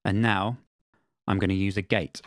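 A man teaching music production in a screen-recorded software tutorial, explaining in a plain, matter-of-fact way. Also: low voice, level tone, moderate pace.

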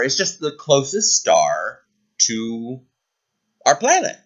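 A male preschool teacher leading circle time over a webcam, his voice fairly high and bouncing up and down as he talks slowly and playfully to little kids. The sound is dull and lo-fi. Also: huge pitch swings. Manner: gentle, playful, sing-song talk to small kids. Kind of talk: circle time lesson for young children. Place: indoors, away from the classroom. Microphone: computer webcam.

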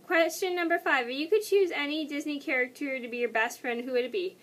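A young woman YouTuber with a high, slightly bright voice vlogs casually at a fairly quick pace. She's tired and yawning, answering questions in a rambling way and correcting herself as she goes.

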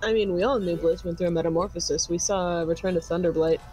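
A woman's voice: fairly low pitch, steady tone, fast talker, dark tone, faint music behind, low-quality recording. A woman chatting casually on a gaming call, making wry, teasing remarks. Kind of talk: casual chat.

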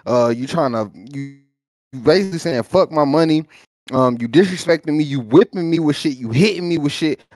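A man's voice: on the high side, brisk, a little mellow, no room sound, studio quality. A man co-hosting a reaction stream, talking in laid-back slang and swearing in casual chat.

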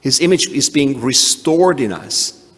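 A man preaching a sermon, animated, often restarting and adding asides. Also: mid-range voice, measured pace, husky. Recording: long hall reverb.

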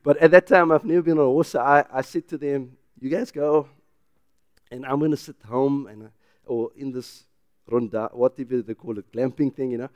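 A middle-aged man, a pastor who preaches with loud, emphatic rises and then drops into a quiet, personal telling. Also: medium pitch, fairly even intonation, a little fast, no room sound, clean studio sound. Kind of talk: sermon.

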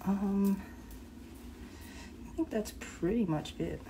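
A woman's voice: medium pitch, takes it slowly, warm tone, a little hiss or hum. A woman hosting a casual live cooking stream from her home kitchen, talking on a phone camera in a chatty, rambling way that keeps correcting itself.

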